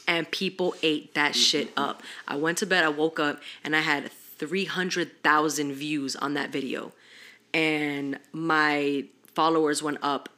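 A woman's voice: deep voice, a little slow. A young woman hosting a podcast, telling stories in casual chat with lots of swearing and slang. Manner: animated storytelling, heavy swearing, slangy. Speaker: podcast host.

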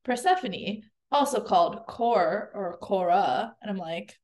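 A woman's voice: medium pitch, lively intonation, unhurried, darkish tone. A woman co-hosting a casual book podcast, chatty and laughing often. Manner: chatty, laughs a lot, quotes scenes in a playful voice. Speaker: podcast co-host. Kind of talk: casual chat.

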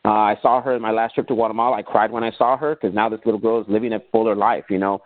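A man's voice: lowish voice, very fast, no room sound. A man telling stories as a podcast guest, animatedly acting out remembered conversations in a casual interview. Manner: animated storyteller who acts out remembered conversations. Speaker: podcast guest, business owner. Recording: tinny phone-like sound, dry.

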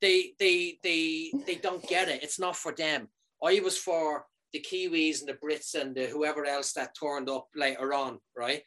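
A man telling a funny story in a loose, casual way. He keeps it animated and swears freely. He often pauses to ask "right?" to keep his listener with him. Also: on the high side.

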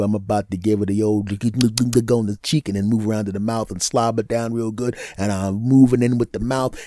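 A man hosting a podcast, telling a comedic story in a lively, repetitive way that breaks into silly sung sound effects. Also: lowish voice, no room sound, studio quality. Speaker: podcast host.

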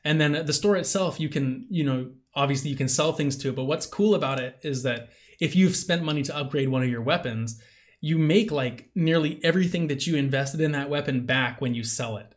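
A man co-hosting a podcast in casual chat, animated and laughing often, with a casual curse now and then. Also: a little high, a little fast. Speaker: podcast co-host.

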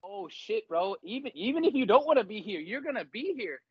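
A young man with a slightly high voice tells stories in a casual podcast, lively and animated, jumping into loud acted-out quotes. The sound is dull and dry, with no room to it. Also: brisk, slightly rough, dry recording. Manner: animated storytelling, acts out shouted quotes. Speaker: podcast co-host. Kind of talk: casual chat.

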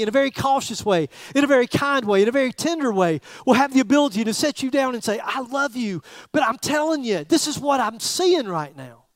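A middle-aged man preaching a sermon as pastor, in a chatty, joking way with pauses and repeated phrases. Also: sits high, dry recording.

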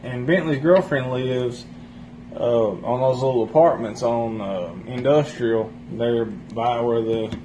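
A man's voice: medium pitch, takes it slowly, background noise. A man casually telling a rambling, profane story among friends. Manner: rambling, profane, laughs while telling stories.

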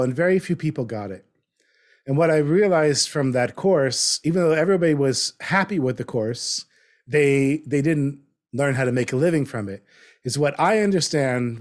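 A man in his fifties talking in a relaxed conversation, reflective and getting animated as he makes a point. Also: medium pitch. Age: 50s. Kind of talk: casual conversation.

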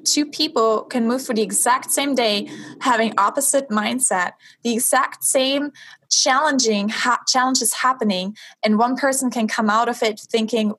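Husky, higher-voiced woman musing aloud. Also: normal speed, fairly bright tone. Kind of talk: casual conversation.

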